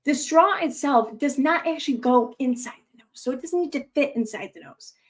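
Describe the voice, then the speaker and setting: Young adult woman, a bit high-pitched, casual commentator. Reads posts aloud, breaks off into sarcastic, rambling asides. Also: moderate pace.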